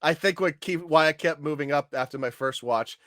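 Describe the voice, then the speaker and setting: A man's voice: fairly high pitch, fairly quick, a bit bright, dry recording, clean studio sound. A man co-hosting a casual chat about comedy sketches, laughing often and quoting favorite lines. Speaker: podcast co-host.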